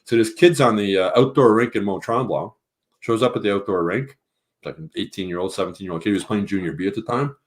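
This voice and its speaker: A guest hockey columnist with a Canadian English accent tells stories quickly in a lowish voice. The chat is casual, and he animates his anecdotes by acting out the quotes.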